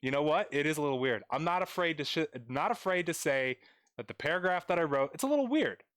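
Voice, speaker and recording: A man's voice: fairly high pitch, quick pace, a bit bright, smooth, no echo. Chatty young male tutor on stream. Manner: chatty, playful, addresses chat viewers directly. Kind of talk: live-streamed grammar lesson.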